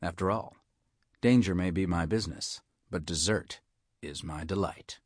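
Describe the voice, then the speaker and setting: Male audiobook narrator, low-ish voice, dry close read, hard-boiled wisecracking tone. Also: moderate pace, dry recording. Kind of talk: scripted first-person story narration.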